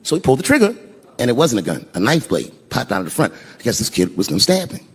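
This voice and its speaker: A middle-aged man doing stand-up storytelling on stage, shouting some punchlines high. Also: huge pitch swings, fast talker, husky. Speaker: stand-up comedian. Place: stage before a live audience. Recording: noisy live stand-up room. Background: audience laughter.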